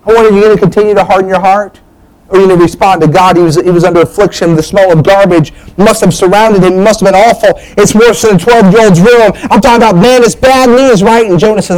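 A man with a notably high voice delivers a lively sermon. His preaching is folksy and animated, climbing higher whenever he presses a point. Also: fast, low-quality recording.

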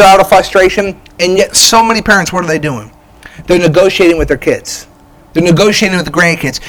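High-pitched animated male preacher. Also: rough recording. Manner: animated, emphatic, frequent "right?" asides. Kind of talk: sermon.

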